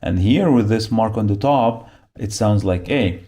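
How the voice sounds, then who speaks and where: A man's voice: fairly low pitch, unhurried, dark tone. A man giving a beginner phonics lesson, repeating each sound and syllable patiently as he explains the marks. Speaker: Arabic teacher.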